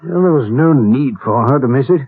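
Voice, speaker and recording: An actor playing a stern, haughty gentleman of the house, imperious and dismissive, in a 1970s radio drama. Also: mid-range voice, animated, a little fast, husky. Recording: tinny old radio broadcast.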